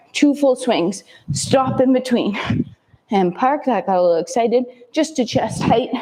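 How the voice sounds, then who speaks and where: Slow-cueing woman fitness instructor. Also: a little high. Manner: calm step-by-step cueing with short commands. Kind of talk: workout instruction.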